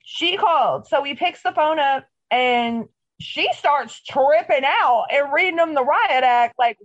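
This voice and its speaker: A woman co-hosting a casual recap podcast, retelling a TV episode in an animated, profane way. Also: fairly high pitch, unhurried. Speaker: podcast co-host. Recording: dull lo-fi audio.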